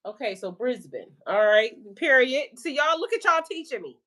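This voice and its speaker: A woman with a slightly high voice chats with her livestream viewers, loose and playful. She talks in a relaxed, slangy way and breaks into laughter often as she answers comments. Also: moderate pace. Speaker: spiritual life coach and channel host. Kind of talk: casual livestream chat with viewers.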